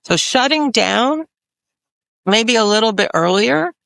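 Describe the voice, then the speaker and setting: A woman's voice: fairly high pitch, lively intonation, takes it slowly, gravelly, fairly bright tone, no echo, studio quality. A woman clinician on a health panel, speaking emphatically and repeating phrases for stress. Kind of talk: panel discussion.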